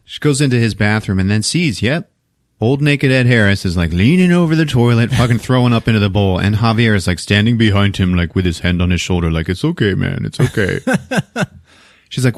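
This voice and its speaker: A man's voice: on the low side, lively intonation, moderate pace, dry recording, studio quality. A man casually retelling a movie plot on a podcast, swearing freely, laughing often and acting out the characters' lines. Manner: profane, laughing, acts out characters. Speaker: podcast host.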